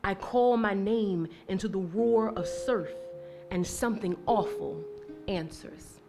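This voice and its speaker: A young woman from Maryland with an American accent, performing spoken word poetry with rhythmic, emphatic recitation and soft, hesitant spoken introductions at an indoor live event. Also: medium pitch, slow pace, over music. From Maryland, USA. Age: young adult. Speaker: poet.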